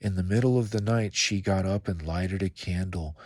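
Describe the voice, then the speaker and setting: A man reading a children's picture book aloud in a calm, measured storytelling voice. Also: deep voice, no room sound, clean studio sound.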